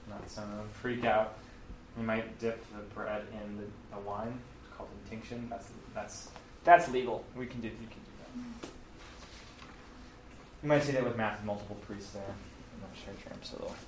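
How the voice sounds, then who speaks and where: Walking his listeners through the Mass in an easygoing manner, a man uses fillers and corrects himself as he teaches. His voice is on the low side, at normal speed, and he pauses often. The recording is roomy and distant, with faint ambience and slight background noise.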